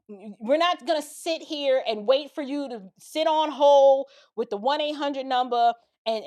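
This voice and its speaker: A woman's voice: sits high, darkish tone. A middle-aged woman giving blunt, emphatic reaction commentary in casual, colloquial speech. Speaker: political and cultural commentator.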